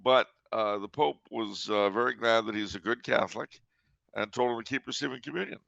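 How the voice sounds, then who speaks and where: A man's voice: mid-range voice, a little fast, creaky, fairly bright tone, no room sound, lo-fi sound. A man hosting a casual podcast chat, talking in a dry, teasing way and breaking into sung jokes. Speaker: podcast host.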